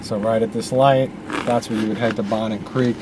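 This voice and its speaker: A man's voice: on the low side, fairly even intonation, normal speed. A man with a dry, worn voice narrating a driving tour from his car, rambling with many fillers and restarts. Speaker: real estate agent giving a driving tour. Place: inside a moving car. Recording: loud car and air-conditioning noise.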